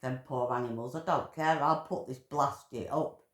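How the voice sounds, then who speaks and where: A woman's voice: rumbling low, moderate pace. A woman ranting in angry commentary, full of swearing and emotional outbursts. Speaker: vlogger commentator. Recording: echoey room.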